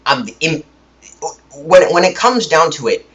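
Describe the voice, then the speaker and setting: Young man, rambling rant, mock-indignant, restarts a lot, slightly high voice. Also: sing-song, unhurried, fairly bright tone, poor audio. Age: young adult. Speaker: gaming video creator. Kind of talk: ranting commentary.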